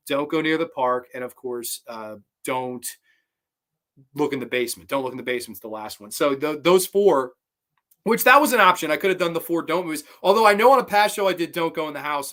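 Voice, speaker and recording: A man's voice: a little high, pushed and bright. A man hosting a horror movie show, talking about films in a profane, rambling, enthusiastic way. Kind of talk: casual film review talk.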